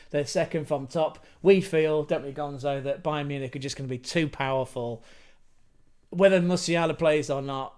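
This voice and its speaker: Chatty, swearing English football vlogger. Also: male voice, on the high side, a little mellow. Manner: chatty, swears freely, rambling asides. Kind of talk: casual chat to camera.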